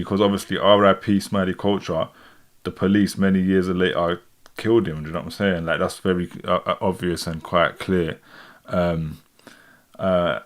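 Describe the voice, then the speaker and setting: A man in his forties with a London accent, chatting casually on a live stream and reading out viewer comments. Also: low voice. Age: 40s. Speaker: streamer reacting to music.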